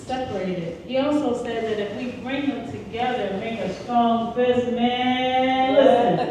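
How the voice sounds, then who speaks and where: A woman's voice: on the high side, a little slow, background noise. A woman leading a group ritual at a community gathering, rousing the crowd with sing-song calls. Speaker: ceremony leader. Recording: echoey hall, distant mic, music behind.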